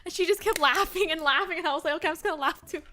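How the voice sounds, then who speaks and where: High-voiced giggly young woman streamer. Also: very fast, soft background music. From United States. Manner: giggly, animated storytelling with quoted voices. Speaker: VTuber streamer. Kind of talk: casual chat.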